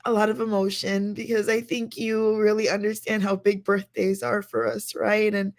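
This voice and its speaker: A woman's voice: medium pitch, level tone, moderate pace. An emotional woman chatting casually, effusive and gushing with thanks. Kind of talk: casual chat.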